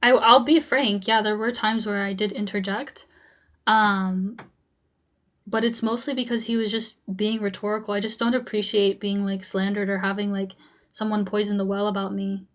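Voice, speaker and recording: A woman's voice: mid-range voice, flat delivery, moderate pace. A young woman hosting a live debate who talks over the other side with repeated short commands, then speaks frankly to her viewers. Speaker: host and debater.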